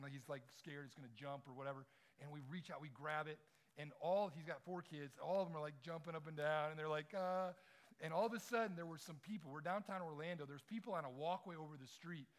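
A middle-aged man preaching to a room full of people, telling personal stories and acting out the quoted lines with bursts of volume. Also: fairly high pitch. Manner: animated storyteller, acts out quotes loudly. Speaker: campus ministry speaker. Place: large room with audience.

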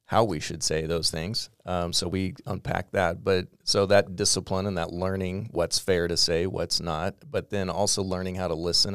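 A man's voice: low-pitched, smooth, no echo, clean studio sound. A middle-aged man, an executive pastor, explaining earnestly and emphatically in a podcast conversation.

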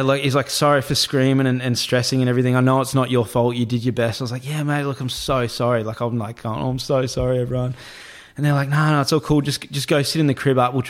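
Animated Australian man telling a story. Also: medium pitch, fast, hardly any pauses. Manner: animated, acts out other people's voices, swears freely. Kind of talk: casual storytelling chat.

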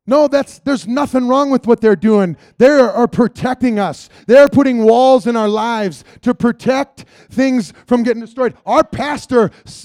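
Brief: man, higher-pitched gravelly voice, earnest rambling church testimony and prayer. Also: measured pace, a little mellow. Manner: earnest, rambling, with repeated "Lord God" in prayer. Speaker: church member giving testimony.

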